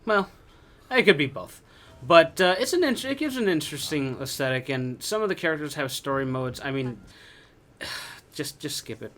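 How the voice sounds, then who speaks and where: A man's voice: mid-range voice, fairly bright tone. A man chatting casually while reviewing an old fighting game, rambling with lots of fillers and restarts.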